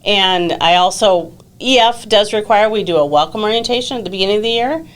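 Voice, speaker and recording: Woman, podcast guest, relaxed conversational delivery. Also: mid-range voice, a little fast. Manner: relaxed, chatty, many fillers. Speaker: exchange student coordinator. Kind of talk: casual podcast interview.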